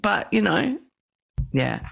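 Chatty woman with a gravelly, lively voice. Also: mid-range voice, takes it slowly. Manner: chatty, bubbly, self-deprecating. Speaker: podcast host. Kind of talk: casual podcast interview.

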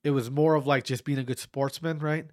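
Briskly and in a mid-range voice, an amateur fighter tells a casual story about his bout, stammering and restarting often, cursing freely, and animatedly voicing what others said. The studio-quality recording is dry.

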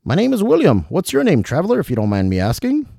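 A man voicing a fussy, excitable male physicist wizard who speaks formally in a high, strained voice. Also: fast talker, vocal fry, no echo, clean studio sound, full character voice. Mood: formal, eager.

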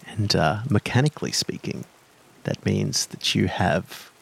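A man narrating as game master of a tabletop horror game, measured and hesitant, with fillers. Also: fairly low pitch, gravelly, fairly bright tone, breathy edge.

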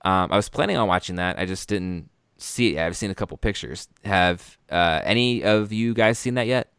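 Smooth-voiced podcast host, low and dry. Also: male voice, moderate pace, a bit bright, dry recording. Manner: rambling, self-correcting, upbeat. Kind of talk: casual podcast chat.

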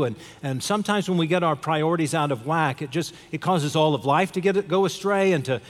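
A male pastor giving a conversational sermon in a church, asking the congregation questions. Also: fairly high pitch. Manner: conversational, asks the audience questions. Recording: long hall reverb.

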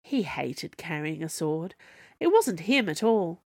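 A woman author narrating her own serialised fiction in a measured storytelling manner. Her voice sits a little low, and the recording is dry and close with no room sound. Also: big pitch swings, darkish tone, no room sound. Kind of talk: scripted narration.

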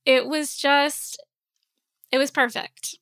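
A woman's voice: high voice, steady tone, takes it slowly, a bit bright, dry recording, studio quality. A woman in her forties, a podcast host, telling a personal story in a candid, rambling way, a little sleepy and yawning. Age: 40s. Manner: candid, rambling, with many fillers.

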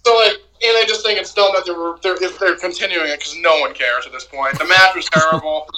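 Bright-voiced man who fills his talk with "like". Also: fairly high pitch, brisk, rough recording. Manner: filler-heavy, says "like" a lot, blunt. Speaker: co-host. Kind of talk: casual wrestling review chat.

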